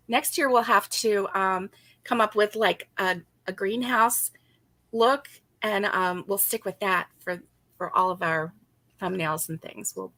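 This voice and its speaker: A woman's voice: medium pitch, fairly bright tone, no room sound. A woman co-hosting a casual crochet-along, chatty and giggly as she greets viewers by name. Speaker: crochet co-host.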